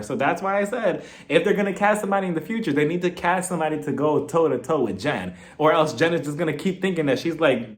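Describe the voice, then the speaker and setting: A man with a fairly high voice and a very lively, swooping delivery, talking through a reality show reunion in a sassy, animated way. His voice climbs and dips all over as he riffs on the cast in a casual chat. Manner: sassy, animated, mimics cast members with bursts of laughter. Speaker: reality TV reviewer. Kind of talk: casual recap commentary.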